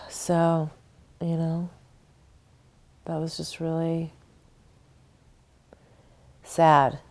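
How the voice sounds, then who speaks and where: Woman, documentary interviewee, low flat voice, quick plain telling. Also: vocal fry. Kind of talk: documentary interview, personal recollection.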